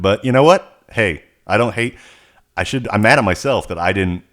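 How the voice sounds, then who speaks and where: Man, lowish voice, podcast co-host, casual chat, animated rambling storyteller. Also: normal speed.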